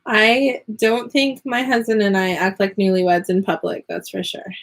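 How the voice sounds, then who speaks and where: A woman's voice: mid-range voice, level tone, moderate pace. A woman in her thirties chatting casually to a live audience at home while she crochets. She rambles with lots of fillers and giggles. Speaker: vlogger and online teacher. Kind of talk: casual live craft chat.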